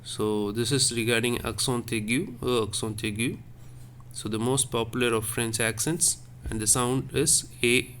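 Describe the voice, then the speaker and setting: A man's voice: mid-range voice, steady tone, measured pace, a bit bright. Man, teacher, classroom lesson, patient, repeats each point, faint background noise. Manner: patient, repetitive, explains step by step. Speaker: French teacher. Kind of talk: classroom lesson explaining French accents.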